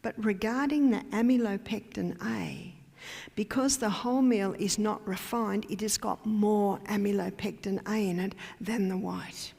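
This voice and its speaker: A woman's voice: medium pitch, steady tone, measured pace, vocal fry, dark tone, breathy edge. An Australian woman giving a health lecture in a church hall, emphatic and quizzing her audience with questions. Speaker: health educator. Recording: long hall reverb.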